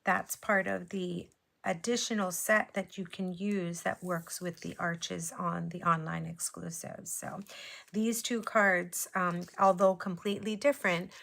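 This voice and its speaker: Slow, gravelly-voiced woman crafter. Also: fairly low pitch, little pitch movement, fairly bright tone. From Hawaii. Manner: unhurried, chatty, admiring. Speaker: papercraft vlogger. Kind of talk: casual show-and-tell chat.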